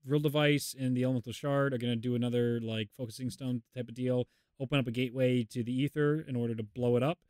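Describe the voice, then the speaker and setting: A man co-hosting a podcast in casual chat, animated and rambling, laughing often. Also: mid-range voice, clear, resonant tone, no echo, studio quality. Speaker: podcast co-host.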